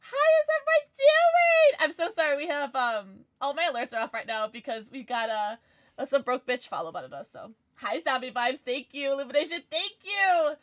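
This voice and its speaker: A woman streaming a game live, chatting with her viewers in a bubbly, excitable way, sometimes mumbling, sometimes shouting. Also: sits high, brisk, no echo, studio quality. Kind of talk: live gaming stream chat.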